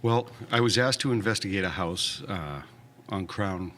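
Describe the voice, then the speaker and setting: Low-voiced guy, ghost hunter guest, calm matter-of-fact storytelling. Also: moderate pace, a little hiss or hum. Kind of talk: casual podcast storytelling.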